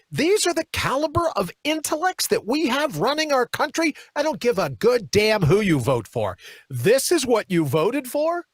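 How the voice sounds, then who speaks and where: Male talk host, high-pitched and lively, pounding rhetorical questions, dry studio sound. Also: no room sound. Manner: emphatic, hammering rhetorical questions, mocking asides. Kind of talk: political commentary monologue.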